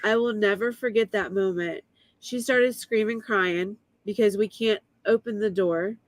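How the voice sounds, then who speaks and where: A woman's voice: mid-range voice, no room sound. Woman telling a story, dry sound. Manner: vivid, emotional retelling with quick asides. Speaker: guest. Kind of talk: casual storytelling on a live stream.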